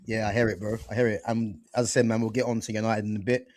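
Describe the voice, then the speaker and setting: A man's voice: fairly low pitch, fast talker. Chatty man hosting a football show. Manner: animated, slangy, lots of fillers and restarts. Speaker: football podcast host. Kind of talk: casual football chat.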